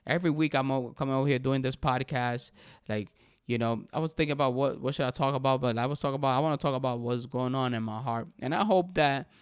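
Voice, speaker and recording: Animated young man podcasting, smooth voice. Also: mid-range voice, fast talker, dry recording, studio quality. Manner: animated, emphatic, says "bro" often. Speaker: podcast host. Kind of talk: casual solo podcast commentary.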